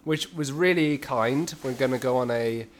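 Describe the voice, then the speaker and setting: A man's voice: medium pitch, normal speed. A man co-hosting a podcast, rambling playfully and often restarting his sentences. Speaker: podcast co-host. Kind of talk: casual chat.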